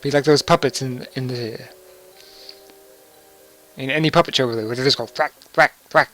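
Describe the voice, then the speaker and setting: A man's voice: mid-range voice, brisk, fairly bright tone. A young man giving casual, joking commentary over a video game and laughing often. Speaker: let's play commentator.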